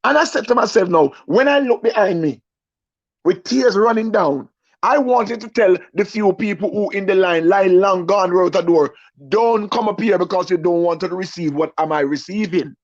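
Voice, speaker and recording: A man's voice: sits high, moderate pace. A young man, performing a stand-up story and acting out the people in it, often turning to ask the audience questions. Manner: animated storyteller, acts out voices, asks the audience. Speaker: comedian. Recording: muffled lo-fi recording.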